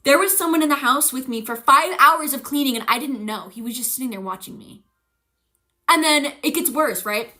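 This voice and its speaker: A young woman with a bright, forceful voice pitched a little high tells a story in a casual stream chat. She swears freely and acts out the voices of the people in her story. She is animated and jumps between hushed and loud. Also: normal speed. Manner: animated, profane, acting out quoted voices with laughs.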